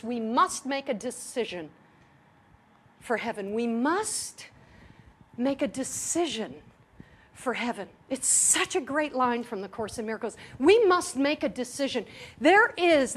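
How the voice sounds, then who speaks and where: High-voiced woman preaching. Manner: emphatic, uses rhetorical questions and repetition; laughs and jokes between points. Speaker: spiritual teacher. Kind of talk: sermon to a live gathering. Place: meeting room in New York.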